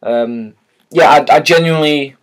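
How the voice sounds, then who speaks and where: A man's voice: a little high, moderate pace. A man chatting casually and hesitantly as he unboxes and shows a new book, with many fillers and restarts. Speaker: vlogger.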